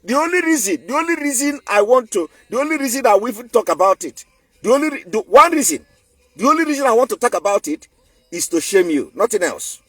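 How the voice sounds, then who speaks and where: A man's voice: very high voice, big pitch swings, fast, sharp tone, breathy edge, no room sound. A man with a Nigerian accent giving an emphatic, defiant online commentary, repeating his points for force. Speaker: political commentator.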